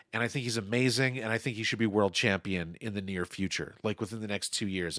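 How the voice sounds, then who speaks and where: A man's voice: fairly low pitch, fairly bright tone, no room sound, studio quality. A man hosting a casual podcast, moving the talk along and giving his opinions. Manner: chatty, runs the segments. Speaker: podcast host. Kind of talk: casual chat.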